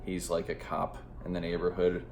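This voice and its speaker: A man's voice: sits low, monotone, normal speed, darkish tone, reverberant, a little hiss or hum. A man giving a casual spoken movie review, rambling and profane, with lots of filler words.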